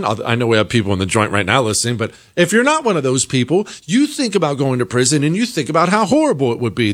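An American man delivers an opinionated political monologue as a talk show host. He speaks emphatically, in an ordinary mid-range voice, and now and then breaks into mocking imitations of other people. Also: medium pitch. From United States.

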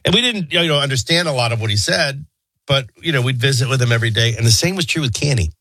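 A man hosting a talk show, rambling through childhood anecdotes and a quick sports rundown. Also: mid-range voice, animated, sharp tone, breathy edge, no room sound. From New Orleans area. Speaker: talk radio host. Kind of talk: casual storytelling and sports rundown.

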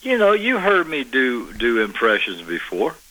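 A male caller with a Southern accent and a bright, forward voice, bantering in a folksy, good-old-boy drawl. He sounds like he's coming through on a radio call-in show. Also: mid-range voice, wildly swooping pitch, a little slow, poor audio. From Tennessee.

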